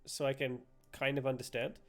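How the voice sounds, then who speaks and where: A man's voice: mid-range voice, little pitch movement, brisk, faint music behind. Playful, laughing male game streamer. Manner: playful, laughing, joking with chat. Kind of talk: live gameplay commentary.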